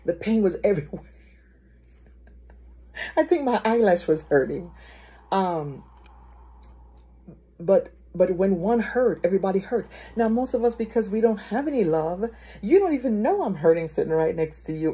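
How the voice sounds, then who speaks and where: A woman preaching a sermon in a lively storytelling way, acting out the excited voices of people she quotes. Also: mid-range voice, moderate pace, pauses often, slightly rough. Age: adult.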